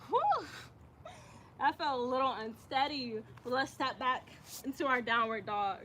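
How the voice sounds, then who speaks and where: A woman's voice: high-pitched, sharp tone, slight background noise. A woman guiding an outdoor yoga practice, chatty and encouraging, calling her listeners y'all. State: out of breath at times. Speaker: yoga instructor. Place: outdoors in the sun.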